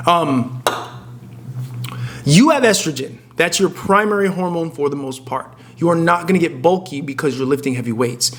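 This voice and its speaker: A young man lectures his viewers on lifting, blunt and emphatic with plenty of swearing. His voice sits a little higher than most men's, and he often breaks off and restarts his sentences. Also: moderate pace, a bit bright, a little hiss or hum. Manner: blunt, profane, emphatic, self-interrupting. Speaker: fitness content creator. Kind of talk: casual direct-to-camera advice.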